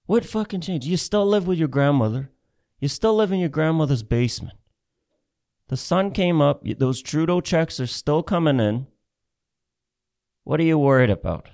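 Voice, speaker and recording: A man from Canada doing a stand-up comedy set, profane and rambling, with many repeats and restarts. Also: medium pitch.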